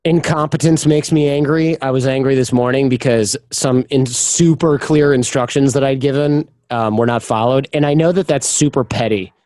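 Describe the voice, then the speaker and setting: A man's voice: mid-range voice, fairly even intonation, moderate pace, hardly any pauses, a little mellow, dry recording. A man as a podcast guest, chatting candidly in an interview and telling personal stories, often acting out the voices of the people in them. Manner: candid storyteller, acts out quoted voices. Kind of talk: casual interview chat.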